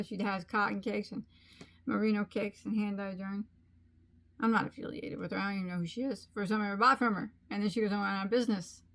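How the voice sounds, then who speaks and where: A woman's voice: mid-range voice, gravelly, fairly bright tone. A middle-aged woman chatting casually on her crochet channel, rambling along with frequent ums as she tells a story. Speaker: crochet vlogger.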